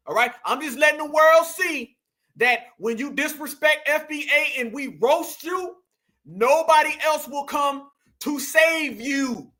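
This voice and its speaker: A man hosting reaction commentary, animated and mocking, talking straight to his viewers. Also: extremely high pitch. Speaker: commentary host.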